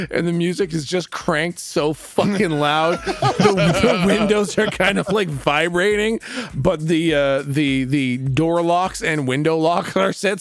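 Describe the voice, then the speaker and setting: A man's voice: on the high side, dry recording. A tired man narrating as game master of a tabletop game, rambling with lots of fillers and casual swearing.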